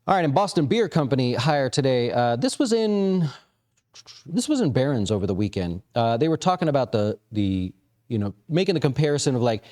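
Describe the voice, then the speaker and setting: Man, market-commentary host, mellow tone, casual and rambling, lots of uhs, mid pitch. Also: very animated, moderate pace. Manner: conversational, frequent fillers and restarts. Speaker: investment firm host.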